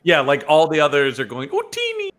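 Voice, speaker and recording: A man co-hosting a casual podcast, animated and jokey, talking in long, rambling runs. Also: medium pitch, moderate pace. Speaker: podcast co-host.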